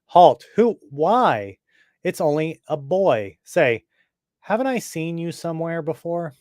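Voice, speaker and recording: A man voicing an excitable young male army sentry in a comic book reading. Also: a little high, a little slow, no echo, studio quality, voice pushed up. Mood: startled.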